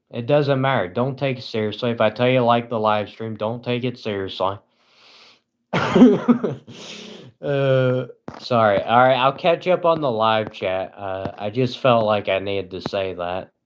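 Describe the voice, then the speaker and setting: A man chatting casually on a live stream, reading his chat and answering in a sarcastic, deadpan way, rambling with lots of "uh"s. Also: medium pitch, unhurried. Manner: rambling, with frequent filler "uh".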